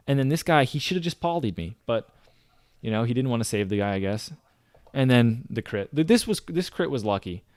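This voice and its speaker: A man chats through replays of his own gameplay, excitable and talkative, constantly turning to his audience. His voice sits at a middling pitch for a man. It is recorded close and dry, with no room sound. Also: dry recording. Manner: chatty, excitable, addresses viewers as guys. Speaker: gaming streamer reviewing his own clips. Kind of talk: casual game commentary to viewers.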